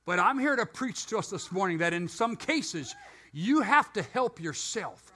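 Bright, high-voiced older male pastor. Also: sing-song, a little slow. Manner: conversational, self-questioning preaching. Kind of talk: sermon.

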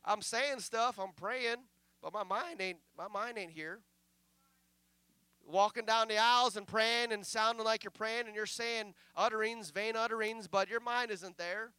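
A male pastor preaching a sermon in a conversational style that swells into loud declarations, sometimes dropping to a mumble to act out a distracted prayer. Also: sits high, smooth, dry recording. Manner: acts out mumbled prayers in a quiet aside voice.

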